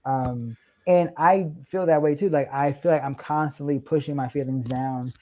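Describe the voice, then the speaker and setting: A young man, a podcast guest, chatting casually and acting out his own quoted lines with lively shifts. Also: fairly high pitch, normal speed, muffled recording. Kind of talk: casual chat.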